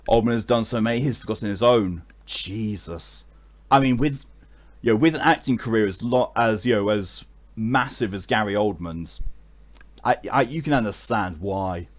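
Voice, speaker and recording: A man's voice: fairly low pitch, normal speed. A man with an English accent chatting casually to his viewers at the end of a stream, rambling with many fillers and restarts. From England.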